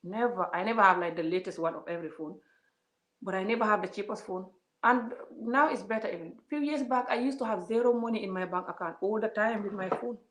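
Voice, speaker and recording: A woman speaks her mind straight to the camera, emphatic and preachy. She keeps repeating words and firing off rhetorical questions. Her voice has a middle pitch, and the room echoes around it. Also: fast, a bit bright. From Gambia. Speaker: vlogger. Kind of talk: opinionated vlog monologue. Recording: roomy echo.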